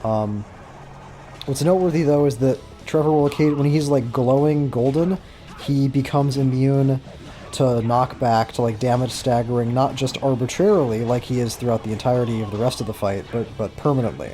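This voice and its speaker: A man's voice: mid-range voice, fairly even intonation, moderate pace, mellow, faint music behind. A man giving rambling, casual gameplay commentary with many fillers and some swearing.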